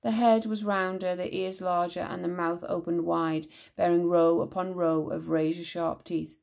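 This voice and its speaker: A woman teacher reading a children's novel aloud in a measured, expressive way. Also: lowish voice, gravelly.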